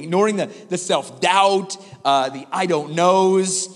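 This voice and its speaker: High-voiced pastor preaching in an echoing hall. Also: male voice, measured pace. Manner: animated, conversational, asks the congregation questions. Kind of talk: sermon with storytelling. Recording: hall reverb.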